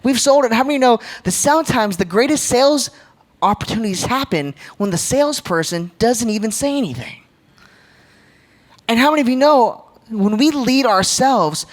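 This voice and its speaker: High-voiced jokey church speaker, man. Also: expressive, normal speed. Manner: jokey, engages crowd with questions. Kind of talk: live church leadership talk. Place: church gathering, live audience.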